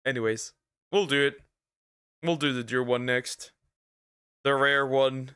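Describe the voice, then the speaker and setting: Bright dry-voiced male streamer. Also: medium pitch, steady tone, a little slow, clear, resonant tone, no echo. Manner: rambling, stammering, jokey asides. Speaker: VTuber streamer reacting to videos. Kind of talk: casual reaction commentary. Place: lives in Germany.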